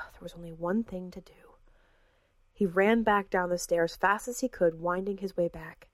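A woman narrating a fantasy story in a measured manner, dropping to a hush in tense passages. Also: on the low side, steady tone, dry recording. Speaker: audiobook narrator. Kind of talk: scripted narration.

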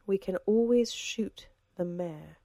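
Woman playing a poised female assassin in an audiobook: slow, even, sweetly threatening. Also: on the low side, breathy edge, no room sound, heavily acted. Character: cool, commanding female assassin.

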